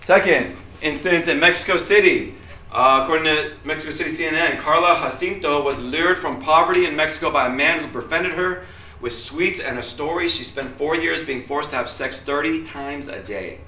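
A man preaching a sermon to a room, animated, swinging from loud outbursts to quiet asides and asking the audience questions. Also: fairly high pitch, moderate pace, reverberant, slight background noise. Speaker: pastor.

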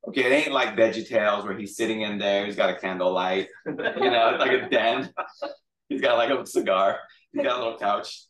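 A man with a somewhat low voice leads a Bible study group in a chatty, joking way. He is recorded from across an echoey room. The mic sits well away from him. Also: a little fast, distant mic. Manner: chatty, jokey, animated retelling. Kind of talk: casual Bible teaching.

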